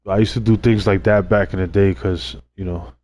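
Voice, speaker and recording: A man's voice: sits low, fairly even intonation, moderate pace, a little mellow. A young man telling street stories in a casual, laid-back way, with lots of slang and swearing. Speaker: streamer. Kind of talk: casual storytelling.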